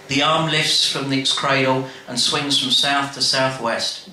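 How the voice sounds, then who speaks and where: A man reading his memoir aloud to a live audience in a bar, wry and animated, with quick asides. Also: medium pitch. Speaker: storyteller. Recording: echoey live room, faint background noise.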